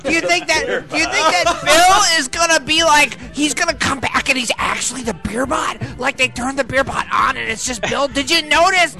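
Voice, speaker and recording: Male listener, very high gravelly voice, rambling theory, music under. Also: moderate pace, hardly any pauses. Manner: rambling, speculative.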